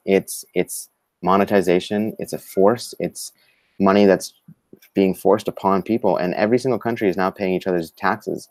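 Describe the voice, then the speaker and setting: A man co-hosting a live-streamed talk show, speaking in a halting way with many fillers and restarts. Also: sits low, darkish tone, dry recording. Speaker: co-host. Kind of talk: live-streamed casual discussion.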